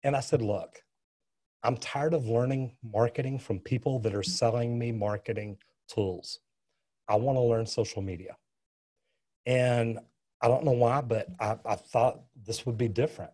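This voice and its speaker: A man's voice: medium pitch, fairly even intonation, measured pace, mellow. A middle-aged man, a plumber and interview guest, telling a story earnestly with frequent restarts. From US West Coast.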